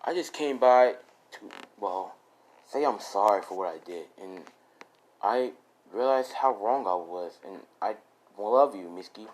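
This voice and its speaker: A man voicing an abusive ex-husband in an improvised fan story, speaking low and quiet in a menacing way. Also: expressive, unhurried, poor audio. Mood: wheedling. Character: abusive, crude middle-aged ex-husband.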